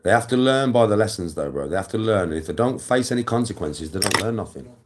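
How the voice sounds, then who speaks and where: With background noise behind him, a middle-aged English-accented man talks at a quick pace in a lowish voice with lively intonation. He's a live-stream host lecturing the viewer directly in a blunt, coarse, swearing monologue and replying to chat.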